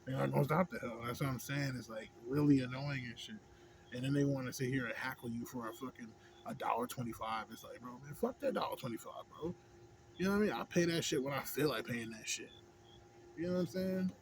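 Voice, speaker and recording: A man's voice: mid-range voice, noisy background. A man, ranting in a vlog, rambling and swearing heavily, asking "you know what I'm saying" again and again. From Houston, Texas. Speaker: vlogger. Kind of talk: profane ranting monologue.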